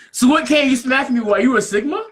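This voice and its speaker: A man co-hosting a wrestling talk show, teasing and ribbing his co-hosts in loud, laughing trash-talk banter. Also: extremely high pitch, a little fast.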